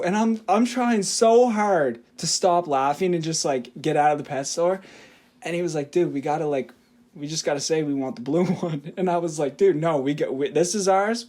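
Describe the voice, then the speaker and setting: A young adult man, a podcast co-host telling a story in a casual, animated way, often laughing and swearing as he talks. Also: fairly high pitch.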